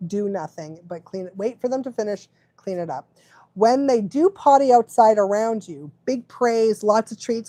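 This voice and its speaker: A woman's voice: a little high, animated, moderate pace, warm tone, dry recording. A woman dog trainer giving casual live advice, chatty, often laughing and checking in with the listener.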